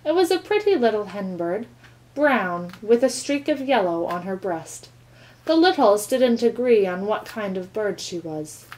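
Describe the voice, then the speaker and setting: A woman reading a children's novel aloud with calm, expressive storytelling. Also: medium pitch, a little slow, rough recording. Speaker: reader.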